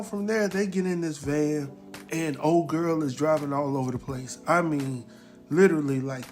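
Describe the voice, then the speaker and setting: This slightly high-voiced man chats straight to his audience while summarizing an episode of a show, casual and animated, with exclamations and bursts of laughter.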